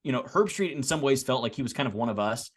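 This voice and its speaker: A man co-hosting a casual sports podcast, talking in a rambling way with restarts, getting animated as he makes his points. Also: medium pitch, fast talker, husky. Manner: rambling, frequent restarts and repeated words. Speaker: podcast co-host.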